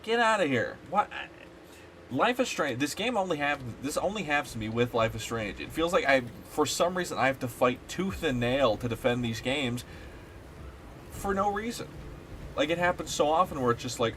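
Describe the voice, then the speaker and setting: A man's voice: a little high, expressive, moderate pace, a bit bright, slight background noise. A man streaming a game, chatting casually and ranting animatedly with plenty of swearing. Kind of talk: casual gaming stream chat.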